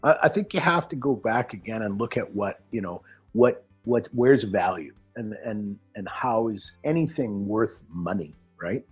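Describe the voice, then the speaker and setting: In a casual chat about Bitcoin mining, this guest tells stories, voices the characters he quotes and frequently restarts his sentences. He speaks low, expressive and unhurried, with a husky quality. Faint music sits under dull, lo-fi audio.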